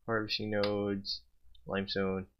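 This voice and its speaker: Sarcastic streamer, low voice. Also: male voice, monotone, a little slow, slight background noise. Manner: sarcastic, chatty, talks to chat. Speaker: game streamer. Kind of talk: casual gameplay commentary.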